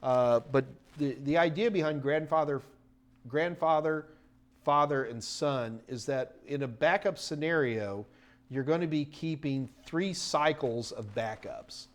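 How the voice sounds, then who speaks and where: Middle-aged male host, slightly high-pitched, loose and rambling live Q&A patter with excited spikes. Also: unhurried. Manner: rambling and chatty, full of fillers and restarts, bursts of excited enthusiasm. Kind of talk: casual live-stream Q&A chat.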